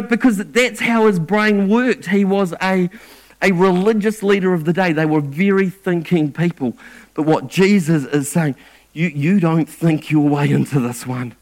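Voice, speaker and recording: A man preaching a sermon in an earnest way, often stumbling and repeating words as he restarts. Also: sits high.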